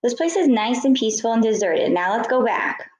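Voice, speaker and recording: A woman reading a storybook aloud, voicing a dismissive boy with a rasping voice. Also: a little high, expressive, brisk, a little mellow, echoey room, close to an everyday voice.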